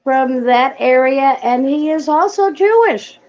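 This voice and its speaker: A woman's voice: high voice, expressive, a little slow, darkish tone, lo-fi sound. Matter-of-fact woman on a call. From Queens, New York. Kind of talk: casual livestream chat.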